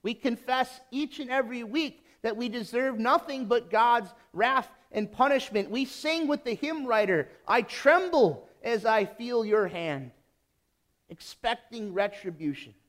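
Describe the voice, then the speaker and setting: A man preaching a sermon as pastor, emphatic and deliberate, building on repeated phrases. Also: very high voice, animated, a bit bright.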